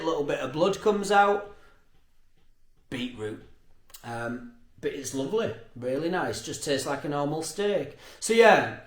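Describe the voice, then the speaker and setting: A man's voice: a little high, fairly bright tone, roomy sound. A man telling everyday stories in a rambling casual monologue, swearing, laughing often and asking "you know what I mean". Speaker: podcast host.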